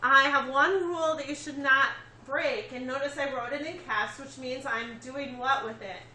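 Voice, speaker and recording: A woman with a high, pushed, bright voice, speaking at normal speed, runs a chemistry class lecture, explaining each step and checking in with students. There's a little hiss or hum, and the classroom audio is echoey with faint ambience.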